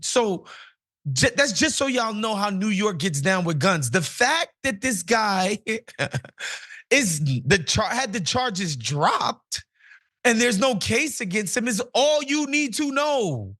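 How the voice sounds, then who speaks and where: Man, high voice, blunt indignant news commentary, opinionated. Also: bright, forceful tone.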